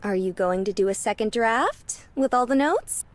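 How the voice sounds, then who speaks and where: Woman doing an upbeat young clubmate, encouraging, practical, fairly high voice. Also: animated, normal speed, lightly acted. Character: upbeat young woman writing club member.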